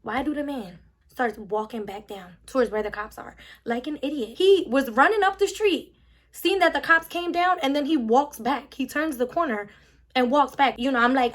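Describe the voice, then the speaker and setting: A young woman telling a storytime vlog, emphatic and animated, acting out the quotes. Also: high voice, normal speed. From Philadelphia. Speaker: vlogger.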